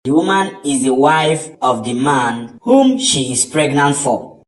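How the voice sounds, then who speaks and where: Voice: mid-range voice, big pitch swings, unhurried. A voice actor playing a solemn church pastor in a cartoon, speaking. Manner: solemn, preachy. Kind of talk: cartoon voice acting. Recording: roomy, distant mic.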